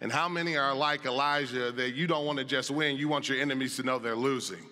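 A man's voice: mid-range voice, brisk, sharp tone, a little hiss or hum. A man preaching a sermon as pastor, reading scripture aloud with emphatic delivery. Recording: long reverb of a large hall.

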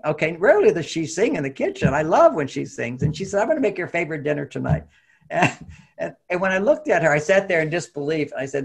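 Middle-aged male therapist, animated storyteller; slightly high, husky voice with fry. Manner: animated storytelling, acting out quotes. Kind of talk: storytelling talk.

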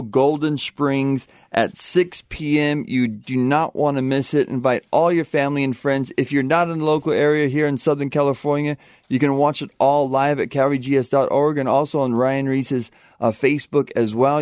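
A male co-host delivers event details in a brisk, promo-style cadence at a middling pitch. His voice is recorded close and dry in the studio. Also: darkish tone, dry recording. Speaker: radio co-host. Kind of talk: radio announcements and banter.

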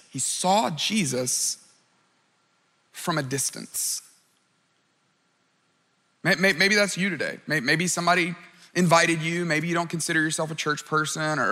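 High, bright-voiced preacher in a reverberant hall. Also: male voice. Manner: earnest, repeats words and stammers on restarts, acts out quotes. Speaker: pastor. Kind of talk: sermon.

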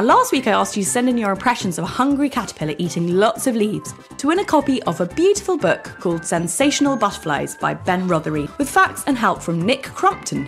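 A woman hosting a children's podcast, reading a script in an animated way and often asking her young listeners questions. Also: mid-range voice.

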